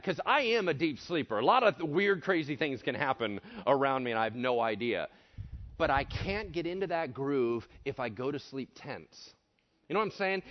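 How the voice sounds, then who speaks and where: A man preaching a sermon in an animated way, acting out voices and swinging between hushed and shouted lines. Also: fairly high pitch, muffled recording. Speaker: pastor.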